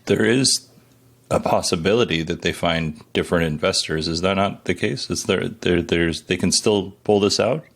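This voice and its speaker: A man's voice: low voice, normal speed, vocal fry, fairly bright tone. A man hosting a podcast, asking questions in a casual, rambling, conversational way. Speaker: podcast host.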